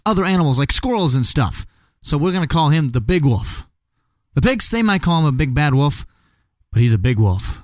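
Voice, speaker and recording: A man's voice: a little high, sing-song, a little fast, dry recording. A man telling a fairy tale casually, with chatty, joking asides to the listener. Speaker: storyteller. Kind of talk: casual comic storytelling.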